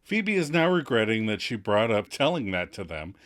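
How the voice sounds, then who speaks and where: A male podcast co-host talks through a sitcom episode in relaxed chat. His pitch moves a lot, and he jumps into a high voice when he acts out the characters' lines. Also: moderate pace. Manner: recaps scenes, acting out lines in high voices. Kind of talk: casual recap chat.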